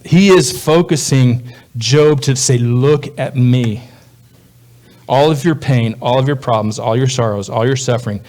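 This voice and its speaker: A male pastor delivers a relaxed, conversational sermon in a middle-pitched voice. When quoting others, he slips briefly into livelier voices.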